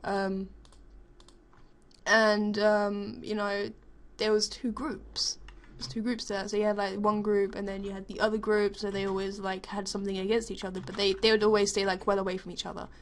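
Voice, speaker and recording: A woman's voice: mid-range voice, flat delivery, moderate pace. Rambling, swearing young woman. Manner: rambling, swears freely, full of fillers. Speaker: gaming vlogger. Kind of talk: casual storytelling over gameplay.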